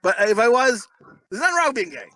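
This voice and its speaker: Lively high-voiced crude storyteller man. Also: fast, poor audio. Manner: crude, rambling storyteller with many fillers. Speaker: podcast co-host. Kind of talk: casual podcast banter.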